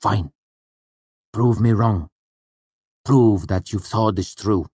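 A man voicing a stern university master who speaks calmly and curtly, at times dismissive. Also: on the low side, slow, husky, no room sound. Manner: calm, curt, dismissive.

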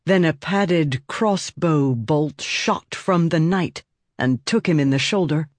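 Measured male audiobook narrator, dry. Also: on the high side, no echo. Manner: steady, measured storytelling. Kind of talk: scripted fantasy narration.

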